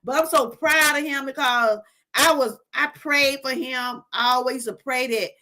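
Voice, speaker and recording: A woman's voice: high-pitched, steady tone, measured pace, pushed and bright. A middle-aged woman from Georgia, hosting a casual livestream and giving a heartfelt testimony straight to her viewers. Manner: heartfelt, talks straight to viewers, reads out chat. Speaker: livestream host.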